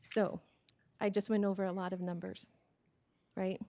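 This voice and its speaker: An American woman delivers a prepared report to a county board in an earnest, steady manner. Her voice is mellow and warm, and she keeps her pitch flat and even. She speaks at a middle pitch. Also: moderate pace. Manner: steady and earnest, becoming emotional and hesitant. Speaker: victim services presenter at a county meeting. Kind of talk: reading a prepared report, then answering questions.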